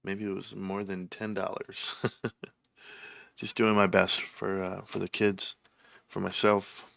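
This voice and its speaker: A man's voice: low voice, level tone, takes it slowly, creaky, sharp tone, dry recording. A middle-aged man hosting a casual stock livestream, rambling and personal with lots of fillers. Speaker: stock show host.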